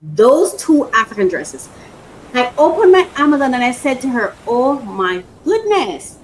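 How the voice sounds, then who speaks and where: A woman's voice: sits high, big pitch swings, moderate pace, a little hiss or hum, rough recording. A woman hosting a casual unboxing vlog, rambling, emotional and repeating herself. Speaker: podcast host.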